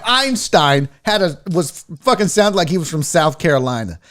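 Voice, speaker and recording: A brash, profane man from the American South hosts a casual sports talk livestream, joking with viewers. His pitch swings widely and animatedly as he talks. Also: very animated, moderate pace, hardly any pauses, fairly bright tone. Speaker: sports talk show host.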